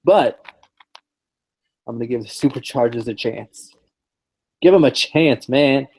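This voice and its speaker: A man co-hosting a podcast, giving football picks in a dry, deadpan way with halting restarts. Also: mid-range voice, slightly rough, poor audio. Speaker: podcast co-host. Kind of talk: casual chat, football picks.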